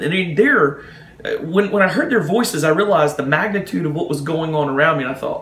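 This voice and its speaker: A man telling a personal anecdote in a casual, animated way, acting out the people in it. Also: on the high side, a little fast, a little hiss or hum. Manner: animated, acts out the people in his story. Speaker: storyteller. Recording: roomy echo.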